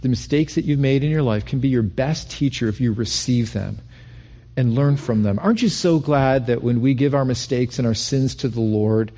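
A man's voice: mid-range voice, moderate pace, dark tone. A middle-aged man preaching a sermon in a conversational way, often restarting phrases and building emphasis. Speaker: pastor.

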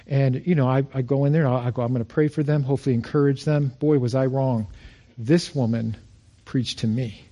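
Earnest pastor preaching with dark husky voice. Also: male voice, medium pitch, brisk. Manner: storytelling, quotes others in lively voices. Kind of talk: sermon.

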